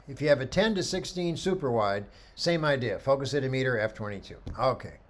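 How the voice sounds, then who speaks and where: A middle-aged man teaching photography, talking through slides with lively stories and acted-out dialogue. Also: medium pitch, brisk. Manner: animated storyteller, acts out dialogue. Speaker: photography instructor. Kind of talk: lecture with slide commentary.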